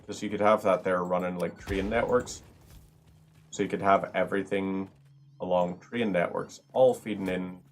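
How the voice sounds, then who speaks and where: A man's voice: low-pitched, slight background noise. A man hosting a gaming video, chatting casually and rambling through upbeat asides while he plays. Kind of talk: casual gameplay commentary.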